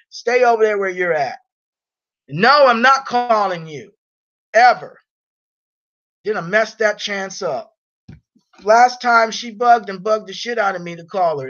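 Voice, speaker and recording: A man's voice: very high voice, pushed and bright. A man on a live stream who talks bluntly and with irritation, reading viewer comments aloud. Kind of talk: casual live stream chat. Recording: dull lo-fi stream audio.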